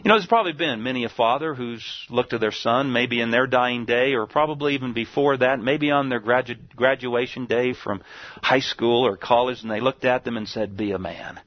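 A man preaching a sermon and reading scripture aloud, slowing down to stress key words. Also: mid-range voice, no echo. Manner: slow emphatic scripture quoting, some restarts. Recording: dull dry lo-fi recording.

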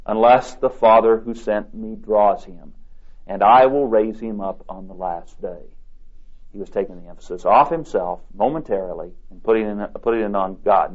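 A man preaching a sermon, reading scripture aloud with deliberate emphasis. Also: on the low side. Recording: dull lo-fi tape recording.

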